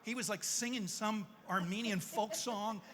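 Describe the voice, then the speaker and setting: A man on a panel telling a story in a lively, self-amused way. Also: high voice, measured pace. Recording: long hall reverb.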